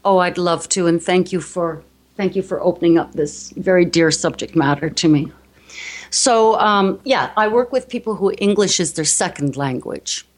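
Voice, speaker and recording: Earnest North American woman, lower voice. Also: moderate pace. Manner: earnest, explanatory, with frequent restarts. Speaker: speech and accent coach, guest. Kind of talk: interview conversation.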